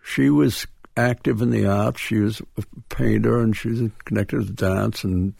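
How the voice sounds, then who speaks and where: An older man with a Boston accent recalls his past as a guest in a radio studio. His voice is gravelly and husky and sits a little low. He speaks haltingly, full of restarts and soft chuckles, and the sound is dry and close. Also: steady tone, no room sound. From Dedham, Massachusetts. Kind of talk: reminiscing radio interview.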